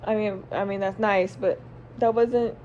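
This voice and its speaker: A woman's voice: medium pitch, fairly even intonation, a little slow, warm tone, dull audio, slight background noise. A young woman, a stay-at-home mom, casually and candidly telling a personal story to camera, swearing constantly and stringing her sentences together with lots of "like" and "um". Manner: run-on sentences with many likes and ums.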